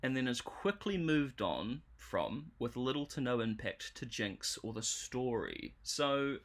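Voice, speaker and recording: Guy on a livestream ranting, kinda sarcastic and fed up, middle pitch. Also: big pitch swings, a little slow. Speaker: show reviewer streamer. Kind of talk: livestream commentary.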